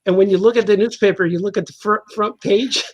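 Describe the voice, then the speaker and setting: Laughing cartoonist telling a story. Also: male voice, high-pitched, fairly even intonation, quick pace, highs cut off. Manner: laughing storyteller who acts out the people in his tales. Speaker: cartoonist guest. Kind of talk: casual anecdote telling.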